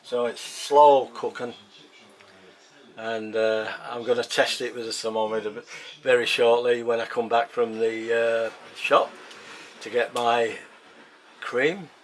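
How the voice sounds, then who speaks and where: An Englishman with an English accent talks slowly and chattily to his viewers from his home kitchen. He rambles and circles back on his words at an unhurried pace, in a voice of middling pitch. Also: level tone. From England. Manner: rambling, chatty, repeats himself. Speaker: home cooking vlogger. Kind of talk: casual chat to camera.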